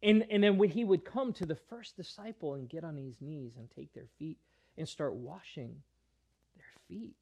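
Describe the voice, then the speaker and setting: A man's voice: fairly high pitch, moderate pace, gravelly, darkish tone, dull audio. A male pastor preaching a sermon in an earnest, explanatory way, often restarting his phrases.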